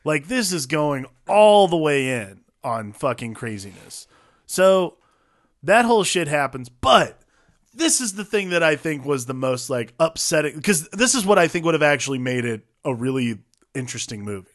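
A man's voice: fairly high pitch, very animated, normal speed, a bit bright. A man co-hosting a casual movie review podcast, rambling and profane, full of fillers. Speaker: podcast co-host.

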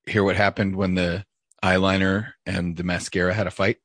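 A man's voice: low voice, flat delivery, normal speed, a bit bright, dry recording. A man hosting a casual podcast, telling jokes in a laid-back way with hesitant fillers. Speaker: podcast host.

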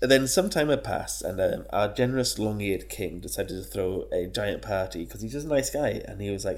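A man's voice: lowish voice, lively intonation, a little fast, few pauses. A man, a podcast co-host retelling an old legend in casual, slangy, sweary chat, laughing often. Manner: swearing, laughing, slangy, bursts into shouted character voices.

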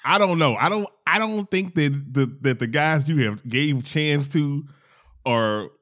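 A man's voice: on the high side, animated, unhurried, fairly bright tone. A man hosting a casual podcast chat, talking loosely with slang and laughing asides. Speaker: podcast host.

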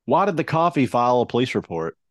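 A man in a casual podcast chat, swinging his pitch up and down as he tells dad jokes. He plays along, groaning at bad puns and laughing at his own. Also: sing-song, quick pace, background noise. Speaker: podcast co-host.

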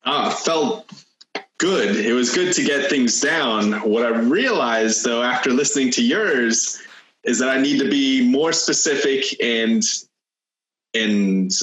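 A man's voice: mid-range voice, fairly bright tone, reverberant, rough recording. A man taking part in a coaching video call, thoughtful and self-correcting as he reflects on his work. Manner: thoughtful, self-correcting, pauses mid-phrase.

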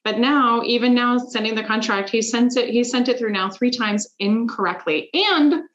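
A woman guest on a podcast, telling animated, emphatic stories about sales with exasperated asides. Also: on the high side, moderate pace, muffled recording. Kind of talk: casual interview chat.

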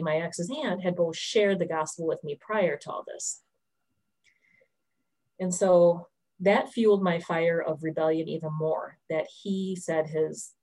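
A woman's voice: on the low side, a little mellow, poor audio. A woman in her thirties telling her personal faith testimony in a candid, storytelling way, with frequent restarts. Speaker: testimony speaker.

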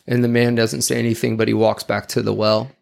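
A man delivers a heartfelt sermon-style talk in a gravelly, mid-pitched voice. He sounds earnest and confessional, reflecting openly as he speaks. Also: little pitch movement, a little fast. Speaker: speaker giving a devotional talk.

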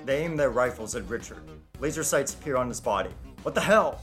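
A man reads out an audio story in a plain, even manner. His voice sits at an average pitch. Faint guitar music plays underneath. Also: fast talker. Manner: plain present-tense reading. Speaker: narrator. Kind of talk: amateur audio story narration.

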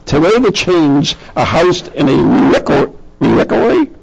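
A man's voice: fairly high pitch, animated, a little slow, gravelly, darkish tone, muffled recording. A man with a New England accent hosting a casual podcast, rambling through explanations and tripping over words. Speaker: podcast host.

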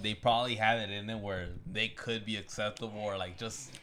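A man's voice: fairly low pitch, fairly even intonation, fairly quick, pushed and bright. A young man co-hosting a podcast, laid-back and slangy in casual chat. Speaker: podcast co-host.

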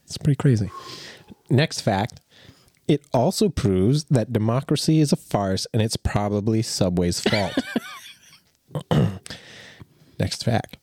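A man's voice: on the low side, slow pace, a little mellow. A man co-hosting a comedy podcast, reading silly facts in a mock-serious tone while fighting back laughter. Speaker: podcast co-host.

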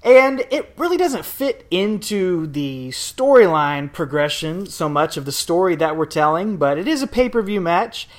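Upbeat higher-voiced male podcast host. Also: big pitch swings, unhurried, hardly any pauses. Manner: upbeat, jokey, rambling with fillers. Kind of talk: casual podcast chat.

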